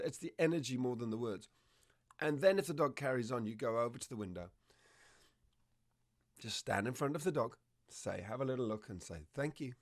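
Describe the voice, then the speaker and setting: Animated man telling dog stories. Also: medium pitch. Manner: animated storytelling, acts out dog and owner voices. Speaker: dog behavior trainer. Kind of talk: conversational explanation.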